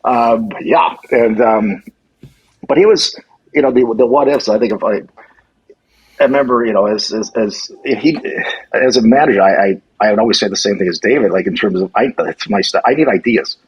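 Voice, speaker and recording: A former hockey general manager, middle-aged with a low, raspy voice, guests on a podcast and swaps stories in casual chat at a normal speed. The recording sounds somewhat muffled and lo-fi. He's an animated storyteller who acts out quoted lines and restarts a lot.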